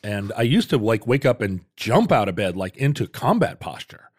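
A man's voice: fairly low pitch, very animated, moderate pace, darkish tone. A man co-hosting a casual comedic chat, a rambling storyteller who laughs often. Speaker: podcast co-host.

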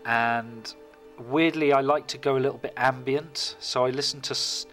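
A man being interviewed, chatting casually and telling animated stories about his work. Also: medium pitch, normal speed, faint music behind. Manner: animated, lively storytelling, puts on voices. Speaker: guest filmmaker.

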